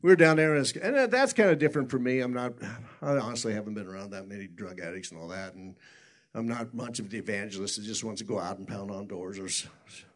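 A man's voice: fairly low pitch, quick pace. A man preaching a sermon, telling stories in an earnest, rambling way with many restarts.

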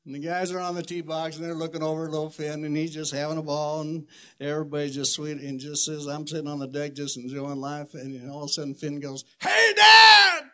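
A middle-aged man, a pastor, preaching a sermon and telling a family story, jumping from loud shouted quotes to soft, hushed prayer. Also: on the high side, level tone, fast.

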